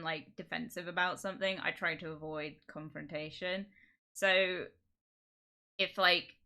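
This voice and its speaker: A woman streamer chatting casually from her home office into a streaming mic, rambling and quick to laugh. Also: fairly low pitch, pushed and bright. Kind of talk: casual livestream chat. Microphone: streaming microphone.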